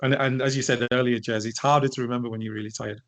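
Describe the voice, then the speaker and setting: A middle-aged man, talking as a guest in an interview, telling animated stories with frequent restarts. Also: mid-range voice, fast talker. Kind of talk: conversational interview.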